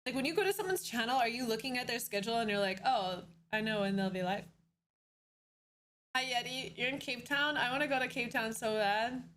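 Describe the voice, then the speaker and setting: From home, a chatty young woman runs her live stream, greeting viewers by name and laughing often in a high, light, slightly bright voice at a somewhat fast pace. A faint hiss sits under her desk mic.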